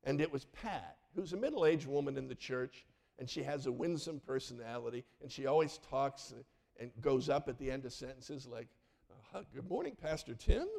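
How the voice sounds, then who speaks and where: A middle-aged male pastor telling stories in a sermon, lively and acting out the people in them. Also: medium pitch, normal speed, creaky. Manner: animated, acts out voices in his stories. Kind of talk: storytelling sermon.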